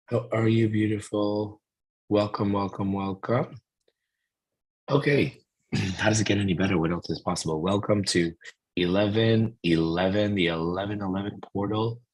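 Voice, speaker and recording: A middle-aged man with a low, husky voice, hoarse today. He tells a story casually and lively, and he slips into the voices of the people he describes. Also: moderate pace. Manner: animated, acts out voices in the story. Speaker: host.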